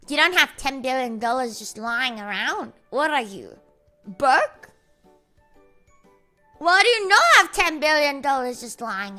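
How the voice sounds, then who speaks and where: A young woman streamer chats casually in a high, sharp-toned voice, playful and giggly as she rambles through absurd jokes. Faint music plays in the background.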